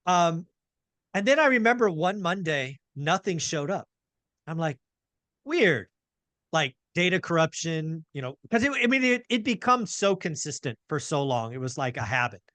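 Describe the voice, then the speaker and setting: A man hosts a casual interview and tells his stories with energy. He acts out his own reactions along the way. His voice is bright and forceful, a little higher than most men's, and it sounds dry and close to the mic. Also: sing-song, normal speed, no echo. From California. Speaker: podcast host.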